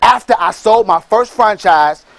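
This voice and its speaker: Brief: man, high voice, preacher-style motivational speaker, calls out for crowd replies, sudden shouts. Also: a little slow, vocal fry. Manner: preacher-like, rallying the crowd with call-and-response and shouted bursts. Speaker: motivational speaker and franchise entrepreneur. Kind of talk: motivational speech.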